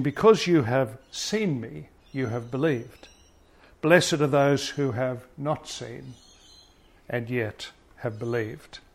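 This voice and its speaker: Earnest male preacher giving a sermon. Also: medium pitch. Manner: earnest, measured, addresses listeners directly.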